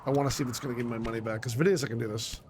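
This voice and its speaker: A man's voice: medium pitch, fairly even intonation, very fast, darkish tone, a little hiss or hum. Man muttering through gameplay, frustrated. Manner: thinks aloud, self-directed and frustrated, with mild swearing. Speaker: let's play gamer. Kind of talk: casual gameplay commentary.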